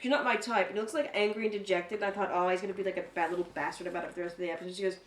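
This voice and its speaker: A woman's voice: on the low side, very fast, distant mic. Chatty podcast co-host, woman, sits back from the mic in an echoey room. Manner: chatty, swearing, animated retellings. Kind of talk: casual chat.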